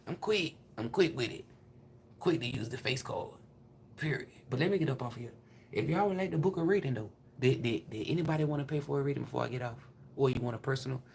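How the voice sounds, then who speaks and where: A woman with a low, gravelly voice runs a casual live-stream tarot reading. She is blunt and chatty, swears freely, and talks to her viewers as if they were friends. There is a faint hum of noise behind her. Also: a little fast, a little mellow. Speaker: tarot reader.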